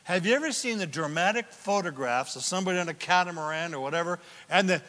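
A man preaching a sermon as pastor, swinging between loud exclamations and hushed asides. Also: sits high, very animated, a little fast, few pauses. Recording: long hall reverb.

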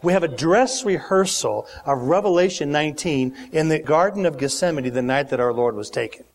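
A male preacher delivering a sermon, dramatic and animated, acting out the lines he quotes. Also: fairly quick. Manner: dramatic, acts out quotes with big pitch swings. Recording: long hall reverb.

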